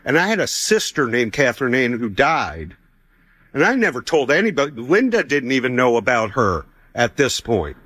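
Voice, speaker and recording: A man's voice: mid-range voice, big pitch swings, moderate pace, a bit bright, husky, no room sound. A man in his fifties telling a personal faith testimony, conversational and chuckling as he acts out what people said.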